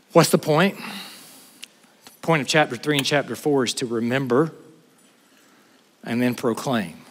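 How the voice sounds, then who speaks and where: A male pastor, preaching a sermon that shifts between intense build-ups and casual asides. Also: medium pitch. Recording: long hall reverb.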